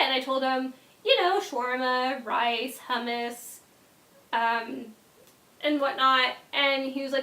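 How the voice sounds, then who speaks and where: High-voiced chatty young woman. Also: slow pace, reverberant. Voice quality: animated, trails off into quiet asides. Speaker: vlogger. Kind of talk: casual storytime.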